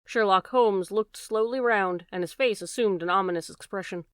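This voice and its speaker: A woman narrating a classic novel as an audiobook reader, steady and measured. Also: mid-range voice, clean tone, no echo, clean studio sound.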